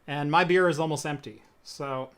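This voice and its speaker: A man's voice: on the high side, normal speed, clean tone. A man hosting a casual tech podcast, rambling and joking as he plugs the show. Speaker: podcast host.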